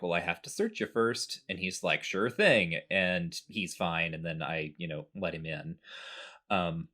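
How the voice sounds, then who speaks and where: A man casually recounting a video game playthrough to a co-host, briefly acting out the characters' lines. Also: low-pitched. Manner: relaxed storytelling, acts out characters' lines. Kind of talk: casual chat.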